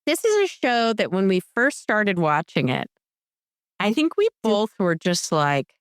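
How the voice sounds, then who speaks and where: A woman co-host with a medium-pitched voice goes over a TV episode at an unhurried pace, chatting casually. Recorded with clean studio sound and no room noise, she tells it animatedly and acts out the characters' lines.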